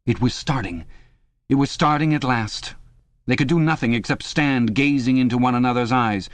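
A man reading an audiobook in a measured, dramatic scripted narration, close to the mic. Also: medium pitch, no echo.

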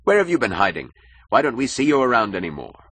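A man voicing a hearty middle-aged male architect who booms out effusive greetings in an audiobook. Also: very animated, quick pace, a bit bright, breathy edge, no room sound.

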